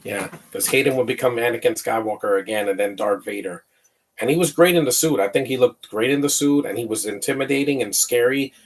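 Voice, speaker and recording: A man's voice: medium pitch, a little fast, far from the mic. A man giving casual live film commentary, rambling and opinionated, often tripping over repeated words. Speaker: movie commentator.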